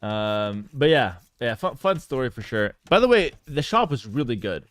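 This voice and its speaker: A man's voice: medium pitch, moderate pace. A man casting a strategy game tournament, telling a story in a casual, talkative way full of asides. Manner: animated, talkative, many fillers and asides. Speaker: game caster and streamer. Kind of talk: casual storytelling and esports commentary.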